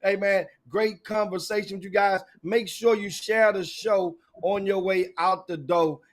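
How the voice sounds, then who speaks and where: A middle-aged man hosting a casual sports talk show, animated and folksy, often repeating himself mid-sentence. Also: high voice, a little slow.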